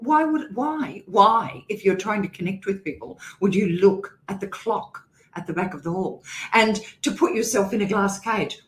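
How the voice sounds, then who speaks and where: Emphatic Australian woman, roomy sound. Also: medium pitch. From Queensland, Australia. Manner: emphatic, animated, repeats points for force. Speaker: guest expert on communication. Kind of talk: podcast interview. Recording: roomy echo.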